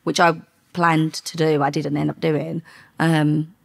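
Low, gravelly woman. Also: little pitch movement, takes it slowly. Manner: chatty, frequent ums and self-corrections. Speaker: guest, former undercover police officer. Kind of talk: casual storytelling interview.

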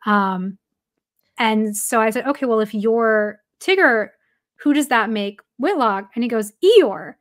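A woman's voice: on the high side, unhurried, fairly bright tone. Chatty woman with a raised voice. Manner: chatty, lots of "like" fillers, laughing while telling a story. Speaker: baseball reporter, guest. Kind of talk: casual storytelling in a podcast interview.

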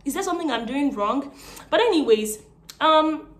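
A chatty young woman in her twenties with a Nigerian accent recounts her own story to camera. Her voice sits a little high for a woman. She talks casually and animatedly, with lots of fillers. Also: expressive, moderate pace, noisy background. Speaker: vlogger.

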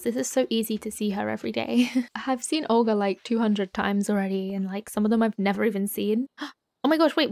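A young woman giving casual, giggly let's-play commentary with gasps and hushed asides. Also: fairly high pitch, creaky. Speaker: gaming YouTuber and streamer.

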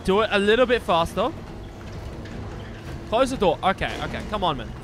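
A young man doing casual let's-play commentary as a gaming streamer, joking, swearing and reacting loudly to what happens on screen. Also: sits high, moderate pace, noisy background. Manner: excitable, swearing, jokey.

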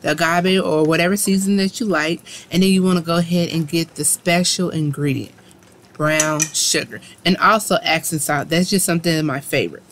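Low-voiced woman hosting a cooking video. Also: fairly quick, slight background noise. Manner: chatty and encouraging, talks viewers through steps. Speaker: cooking channel host. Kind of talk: casual cooking demonstration. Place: home kitchen, food frying in pan.

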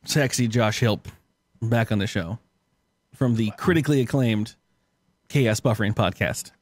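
A man's voice: lowish voice, a little slow. A man co-hosting a podcast in casual chat, tipsy, laughing and swearing as he rambles. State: tipsy from cocktails. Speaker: podcast co-host.

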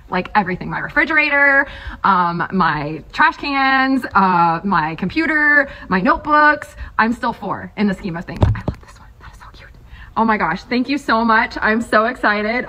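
A woman in a casual unboxing vlog, gushing and excitable, repeating herself with delight. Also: mid-range voice, slight background noise, rough recording. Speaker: vlogger unboxing a gift.

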